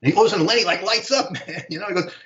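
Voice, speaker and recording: Older american man, slightly high voice, rambling slangy storytelling, roomy dull stream audio. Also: racing, fairly bright tone. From United States. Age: 60s. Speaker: interview guest. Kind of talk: casual storytelling.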